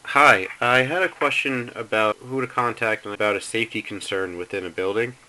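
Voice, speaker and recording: A man's voice: fairly low pitch, moderate pace, pushed and bright, rough recording. A man calling as a concerned citizen, asking careful, persistent questions about building safety. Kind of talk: phone inquiry.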